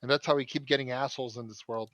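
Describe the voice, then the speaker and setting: A man's voice: medium pitch, fairly even intonation, very fast, a bit bright, no room sound. A young man rambling through a profane story in casual podcast chat. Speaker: podcast co-host.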